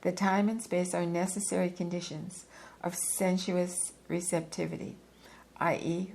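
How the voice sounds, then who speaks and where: Female reader, low gravelly voice, unhurried and deliberate, reads a philosophy text with occasional asides. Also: slight background noise, rough recording. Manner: measured, deliberate reading with occasional asides and self-corrections. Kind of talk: reading a philosophy book aloud.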